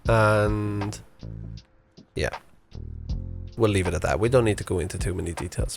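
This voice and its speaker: Low-voiced man vlogging on a walk. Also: normal speed, gravelly, pauses often, faint music behind. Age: 30s. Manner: casual, rambling, chatty with fillers. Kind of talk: unscripted walking vlog narration. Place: outdoors on a morning walk.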